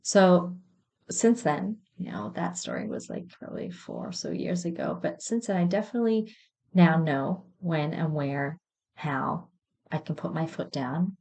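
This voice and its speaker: A woman's voice: deep voice, expressive, unhurried, gravelly. A woman in her thirties, host of a podcast, candidly telling a personal story in a reflective monologue. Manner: candid, reflective, with soft self-mocking laughs.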